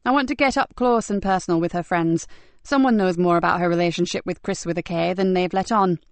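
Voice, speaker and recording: A woman's voice: fairly low pitch, fairly quick, dry recording, close to an everyday voice. A woman voicing a fierce, driven female police inspector in an audiobook, talking sharply and bluntly. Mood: blunt, impatient. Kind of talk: audiobook character voice.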